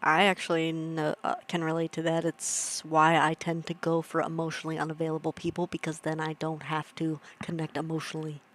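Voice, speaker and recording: A woman's voice: sits low, completely flat delivery, fairly quick, hardly any pauses, a bit bright. A young woman streamer chatting casually with her viewers, rambling and laughing at her own jokes. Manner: chatty, rambling, self-amused, talks to chat. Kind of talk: casual livestream chat.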